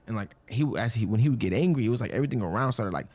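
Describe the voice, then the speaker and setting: A man's voice: mid-range voice, lively intonation, rapid-fire, a little mellow. A young man telling a personal story casually, rambling with many fillers and acting out the quoted lines. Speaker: storyteller guest.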